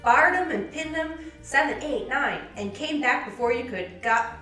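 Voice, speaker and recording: A woman reading a classic novel aloud with lively delivery and playful side comments. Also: high voice, a little slow. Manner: lively, laughs often, acts out quoted lines. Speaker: library podcast reader. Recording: roomy sound from a distant mic with music.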